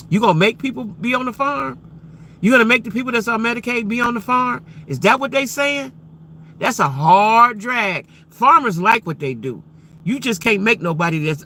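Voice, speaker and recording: Man, livestream host, gravelly, sharp, emphatic, rhetorical questions, talks straight to viewers. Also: sits high, slight background noise. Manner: repetitive, emphatic, addresses viewers directly. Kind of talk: casual live-stream commentary to chat.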